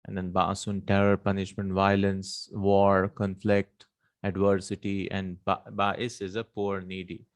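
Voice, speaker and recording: A man teaching Arabic vocabulary in a relaxed spoken lesson, thinking aloud with hums and repeats and reciting verses quickly. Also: deep voice.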